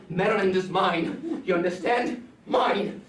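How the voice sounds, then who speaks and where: A man's voice: high-pitched, slow pace. A man playing an agitated hypochondriac suitor. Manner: excitable, complaining of pains, shouting. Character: hypochondriac young landowner suitor, touchy. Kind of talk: amateur stage play. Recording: roomy, distant mic with faint noise.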